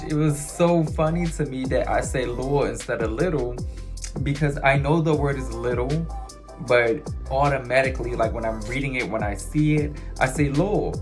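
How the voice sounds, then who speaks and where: A non-binary vlogger with a strong Baltimore accent talks casually to the camera at a middling pitch. The delivery is chatty and playful, speaking straight to viewers. Clear music plays behind the voice. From Baltimore, USA. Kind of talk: casual vlog chat.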